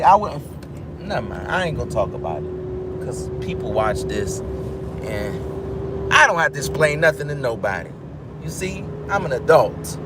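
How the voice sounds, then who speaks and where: High-voiced, animated man talking in a car. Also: noisy background. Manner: animated, rambling, breaks off and restarts thoughts. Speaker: vlogger. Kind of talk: casual on-camera commentary.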